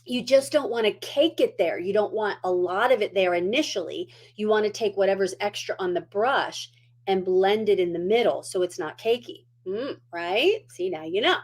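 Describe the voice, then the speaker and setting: A woman's voice: medium pitch, a little mellow, slightly rough. A middle-aged woman hosting a casual makeup tutorial at home, chatty and down-to-earth as she demonstrates.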